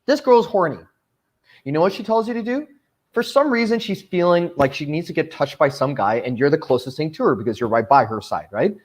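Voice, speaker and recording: A male podcast host who talks quickly and somewhat high, pressing his points in blunt, crude bursts. His delivery is casual chat that turns into a rant. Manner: emphatic, ranting, crude.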